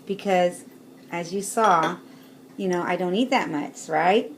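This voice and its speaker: A woman's voice: lowish voice, unhurried, slight background noise. A woman chatting casually to her camera as a vlogger, showing things with bowls and laughing often.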